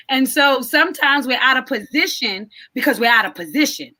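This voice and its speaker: A woman's voice: sits high, sing-song, normal speed, hardly any pauses, bright, forceful tone. A woman talking in a preaching, sermon-like cadence during a casual podcast chat, emphatic and informal.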